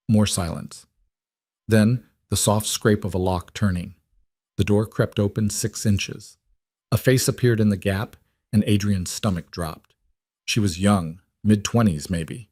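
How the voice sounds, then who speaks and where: Low-voiced male storyteller, dry sound. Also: normal speed, dark tone, no echo. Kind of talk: scripted story narration.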